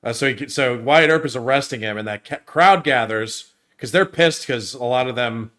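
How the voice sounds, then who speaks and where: A man's voice: medium pitch, normal speed. Male co-host, mid-range voice, loose chatty film talk, keeps restarting as he walks through scenes. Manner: animated scene retelling with frequent restarts. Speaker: film review podcast co-host. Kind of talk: casual film discussion.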